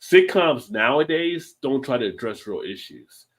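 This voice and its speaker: A man's voice: medium pitch, big pitch swings, a little slow, husky. A man hosting a casual livestream chat over beers, rambling and laid-back, swearing now and then. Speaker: livestream host.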